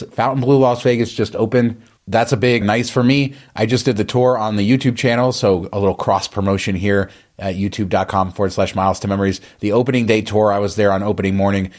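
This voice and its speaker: Low voiced guy on a podcast, chatty and excited, easygoing. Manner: chatty, upbeat, enthusiastic. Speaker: podcast co-host. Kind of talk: casual podcast chat.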